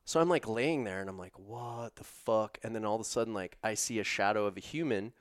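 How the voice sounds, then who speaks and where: A man telling a long story in casual conversation, animated and profane, with lots of "like". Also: fairly low pitch, fairly quick, no room sound, clean studio sound. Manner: profane, animated, uses "like" a lot. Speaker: storyteller guest.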